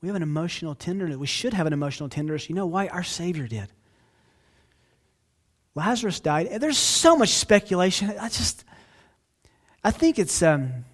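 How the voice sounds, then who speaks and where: A man preaching an earnest, conversational sermon as pastor. He speaks to the listeners directly and swings from hushed, soft passages to loud outbursts. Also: fairly high pitch.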